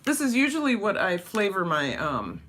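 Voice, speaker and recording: A woman's voice: mid-range voice, sing-song, moderate pace, a bit bright. A woman vlogging casually over breakfast at home, chatty and rambling, laughing often. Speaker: vlogger and dance teacher.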